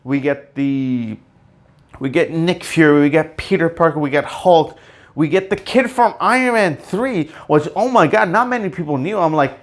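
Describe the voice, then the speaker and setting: A man hosts a casual solo podcast, talking in an excitable, rambling way. He stumbles over fillers and restarts and breaks into emotional outbursts. His voice is fairly high for a man. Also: normal speed. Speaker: podcast host.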